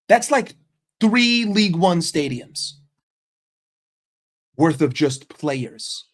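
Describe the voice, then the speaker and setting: A young man ranting in a football vlog, swearing and mocking in an exasperated way. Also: a little high. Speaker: football vlogger.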